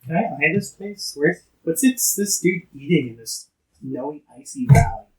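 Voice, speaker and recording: A man's voice: on the high side, expressive, moderate pace, darkish tone. A man playing a tabletop game, curious and asking the game master many questions. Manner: curious, asks lots of questions. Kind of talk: casual game chat. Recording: voice a bit far from the mic.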